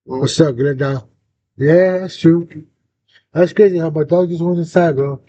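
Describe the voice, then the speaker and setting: Mellow and a little slow, with a steady tone, the young male host tells a story full of slang and swearing in a casual chat. There's a faint rumble in the dull, lo-fi recording.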